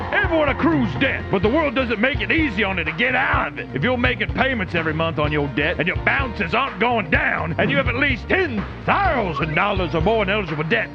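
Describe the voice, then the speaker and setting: A man reading a sponsor ad in a fast, emphatic pitchman style. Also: vocal fry. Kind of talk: energetic ad read. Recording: dull lo-fi sound with music underneath.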